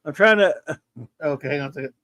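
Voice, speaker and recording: A man with a slightly high voice hosts a livestream show in teasing, playful patter. His voice sounds close and dry, with no room around it. He hypes things up like a showman. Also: expressive, fast, a bit bright, no echo. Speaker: podcast host. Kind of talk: casual livestream chat.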